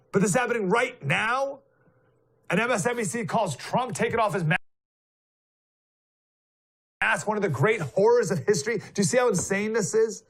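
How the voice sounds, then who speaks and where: In a voice on the high side, a man delivers live political commentary in a loose, meandering style. Sounding emphatic and indignant, he leans heavily on fillers and rhetorical questions.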